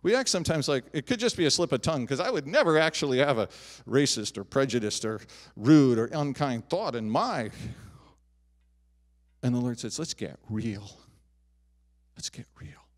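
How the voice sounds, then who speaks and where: Brief: middle-aged male pastor, mid-pitched voice, animated sermon delivery with loud peaks and hushed asides. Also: moderate pace. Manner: animated preaching, rising loud on emphatic lines, dropping soft on personal asides. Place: church sanctuary.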